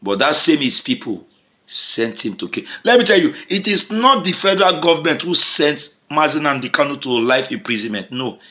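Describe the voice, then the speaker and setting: A man with a Nigerian accent giving impassioned commentary to camera, emphatic and repetitive, swinging from loud outbursts to low mutters. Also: sing-song, moderate pace. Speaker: vlogger.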